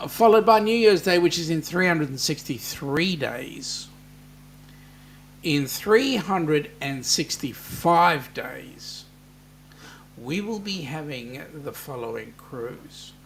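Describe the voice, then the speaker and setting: A man's voice: on the high side, slight background noise. An Australian man hosting a casual live chat, reading out viewer comments with lots of ums. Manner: chatty, many ums, reads viewer comments aloud.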